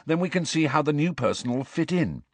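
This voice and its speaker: Man doing a brisk, bossy teen girl captain in an audiobook, higher, quick. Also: big pitch swings, darkish tone, dry recording. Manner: brisk, businesslike. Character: brisk teenage girl team captain, businesslike.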